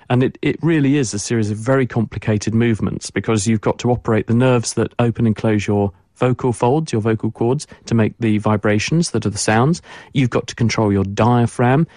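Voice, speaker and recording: A man's voice: mid-range voice, darkish tone, dry recording, studio quality. A man, a science expert guest on a radio show, explaining fluently and repeating words for emphasis.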